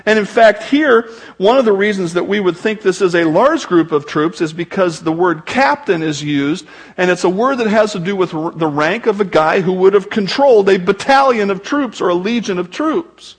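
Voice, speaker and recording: Pastor, male, high and husky; conversational sermon delivery with joking asides. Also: lively intonation, moderate pace.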